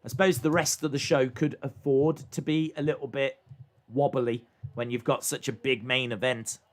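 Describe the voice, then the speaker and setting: A man's voice: medium pitch, level tone, normal speed. A young man hosting a casual live reaction stream, chatting and thinking aloud with frequent fillers.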